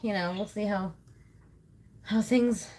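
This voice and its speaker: A woman's voice: mid-range voice, slow pace, a little mellow. Chatty, swearing woman streaming from home. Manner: chatty, swears freely, thinks aloud. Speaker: livestream host. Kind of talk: casual rambling chat.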